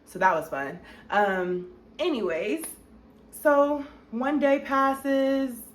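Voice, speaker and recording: Animated young woman telling a story. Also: on the high side. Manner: animated and expressive, many "like" fillers. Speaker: vlogger. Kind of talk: storytime narration. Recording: echoey room with faint noise.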